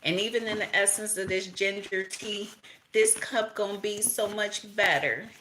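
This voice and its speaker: A woman's voice: mid-range voice, moderate pace, bright, forceful tone, slight background noise. A middle-aged woman from Chicago doing a casual tarot reading, talking straight to viewers, swearing freely and laughing. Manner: profane, laughing, talks to viewers directly. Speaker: tarot reader.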